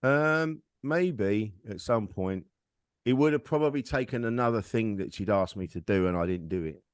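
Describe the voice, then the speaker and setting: On a podcast, a comedian guest tells a personal story with candor, rambling and poking fun at himself. His voice is on the low side and clean, his pace normal, and the recording is dry.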